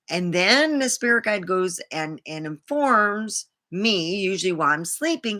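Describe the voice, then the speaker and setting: A woman's voice: on the low side, animated, normal speed, sharp tone. A woman vlogger talking in a rambling, indignant way, swearing freely as she tells a personal story. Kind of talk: casual monologue to camera.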